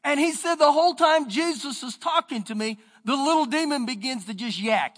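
A man with a Texan accent preaching a sermon as pastor, his voice rising and falling in pitch and loudness. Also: expressive, normal speed, hardly any pauses. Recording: church sermon with long reverb.

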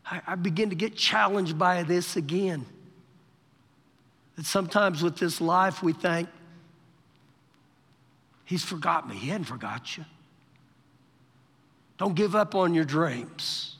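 A male pastor delivering a live sermon, his voice pitched high and ringing bright. He talks in an animated way, acting out scripture quotes with shifting voices. The recording carries a long reverb from the church hall. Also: measured pace, pauses often, breathy edge. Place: church sanctuary during a service.

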